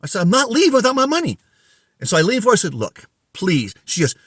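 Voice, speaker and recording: An agitated man tells a story in a casual podcast monologue and acts out each exchange. His pitch swings widely from high, strained peaks down to low, quiet stretches. The sound is dry and close. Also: huge pitch swings, quick pace, husky, no room sound. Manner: agitated storytelling, reenacts dialogue, voice rising and falling sharply. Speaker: podcast host.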